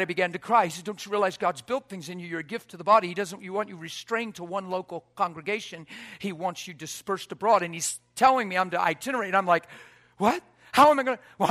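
A man preaching a sermon, telling a personal story with lively acted-out quotes and frequent laughter. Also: high-pitched. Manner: animated, acts out quotes, laughs often.

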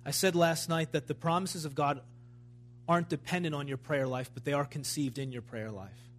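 Male preacher at a church service, fervent and emphatic, with a fairly high voice. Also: fairly even intonation, moderate pace. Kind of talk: sermon.

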